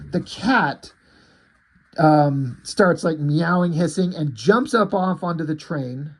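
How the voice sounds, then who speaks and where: A man's voice: fairly high pitch, breathy edge, rough recording. A man casually recapping a comic book issue in a loose, rambling way, full of fillers and the odd swear.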